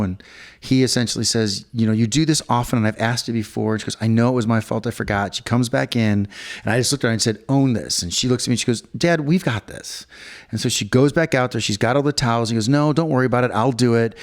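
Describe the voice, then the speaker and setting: Co-hosting a casual podcast chat in a hotel room, a middle-aged man speaks quickly with a steady tone and mid-range voice. His storytelling rambles, and he acts out others' quotes along the way.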